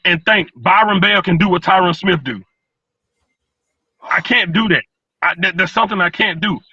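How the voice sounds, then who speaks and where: Man, sports talk panelist, blunt and profane, high bright voice, husky, dry dull call audio. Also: no echo. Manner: blunt, profane, stumbling repeats. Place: sitting in his truck.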